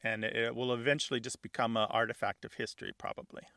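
A man's voice: medium pitch, little pitch movement, fast, creaky, sharp tone, no room sound, clean studio sound. A man from Missouri hosting a radio call-in show, patiently explaining things to a caller in detail. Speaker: radio language show host.

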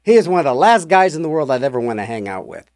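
A man's voice: a little high, very animated, fast talker, a little mellow. Rambling, jokey male radio DJ. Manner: rambling, jokey storytelling with restarts. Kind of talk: casual radio patter.

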